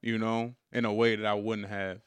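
A man's voice: on the low side, flat delivery, moderate pace, clear, resonant tone, no room sound. A man co-hosting a podcast, telling a story, full of "like" and "right?". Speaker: podcast co-host. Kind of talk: casual storytelling chat.

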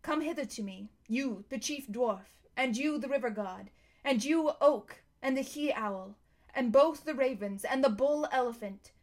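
A stately, kindly lion king speaks in slow, weighty phrases, as a woman reading the storybook gives him voice. The tone stays fairly high but grave, pitched a little above a typical woman's. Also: darkish tone. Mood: solemn. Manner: slow, solemn, measured delivery. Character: majestic male lion king, strong and kindly.

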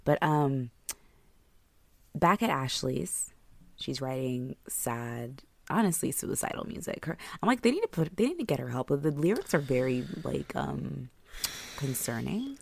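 A woman's voice: a bass voice, sing-song, measured pace, creaky, no echo. A woman co-hosting a podcast in casual chat, recapping a TV show, chatty with lots of fillers. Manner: chatty, filler-heavy, laughs at herself. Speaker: podcast co-host.

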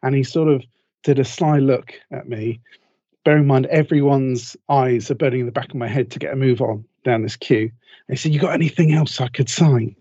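A male podcast co-host with a husky, mellow voice tells a story in a chatty way, full of ums, and acts out what each person said. The recording is dry and a bit dull and lo-fi. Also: medium pitch, a little fast, no room sound. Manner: storyteller who acts out quotes, many ums. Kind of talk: casual chat, anecdote.

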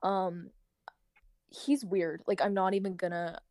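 A woman's voice: fairly low pitch, flat delivery, unhurried, darkish tone, dry recording, clean studio sound. A young woman co-hosting a podcast, speaking candidly and wryly with some filler words. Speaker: podcast co-host. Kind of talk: casual chat.

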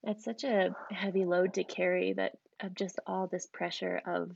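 A woman's voice: flat delivery, normal speed, vocal fry, slightly rough, dry recording. A woman hosting a podcast, listening closely and reflecting back on what her guest says. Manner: reflective, backchannels a lot. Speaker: podcast host. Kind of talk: empathetic interview talk. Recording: muffled low-fidelity audio.

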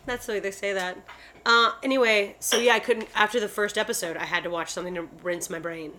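A woman's voice: mid-range voice, fairly even intonation, fast talker, bright, forceful tone, a little hiss or hum. A woman co-hosting a casual chat, talking in a rambling way and swearing offhandedly.

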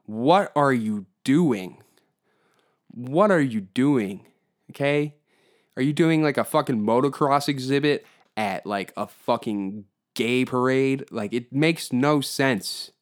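A hungover man hosting a solo podcast, ranting heatedly and swearing constantly. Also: medium pitch. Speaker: podcast host.

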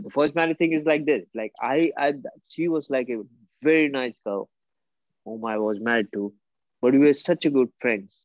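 A man telling stories in a casual chat, swearing freely and talking with animated emphasis. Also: mid-range voice, no echo. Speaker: therapist and podcast co-host. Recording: dull, muffled sound.

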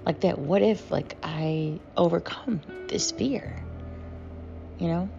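A woman speaks slowly and thoughtfully on a podcast, her fairly low voice carrying a gravelly edge. She pauses and restarts often, affirming herself as she goes. The sound is dull and lo-fi, with faint music underneath. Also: darkish tone. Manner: slow, halting self-affirmation with many fillers. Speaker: podcast co-host. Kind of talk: reflective podcast monologue.

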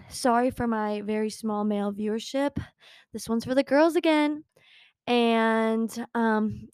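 A woman's voice: a little high, a little mellow, smooth, dry recording, studio quality. A young woman hosting a casual talk show, chatty and bubbly, giggling often as she reads from a book. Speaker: podcast host. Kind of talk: casual chat with book readings.

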